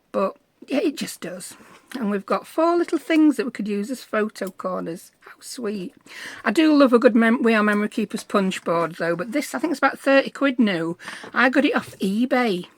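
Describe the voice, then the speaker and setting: Chatty woman crafting. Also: on the high side. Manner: chatty, self-deprecating, bubbly asides. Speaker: craft vlogger. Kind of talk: casual crafting tutorial.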